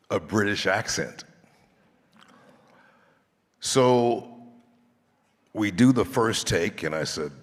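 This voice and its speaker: Actor guest on a convention panel, an unhurried storytelling man, low voice, echoing big hall. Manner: relaxed storyteller, laughing often. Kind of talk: anecdotal storytelling. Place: large convention stage. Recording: reverb of a large hall.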